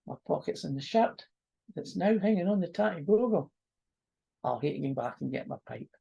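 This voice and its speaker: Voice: medium pitch, expressive, moderate pace, creaky, mellow, husky, highs cut off, exaggerated voice. A storyteller with a North-east Scots accent voicing a worried young working man who mutters to himself. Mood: grumbling. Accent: North-east Scots (Doric).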